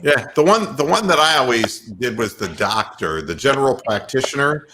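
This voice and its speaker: Animated joking man over a noisy line. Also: medium pitch, normal speed. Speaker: co-host. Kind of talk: casual sports talk.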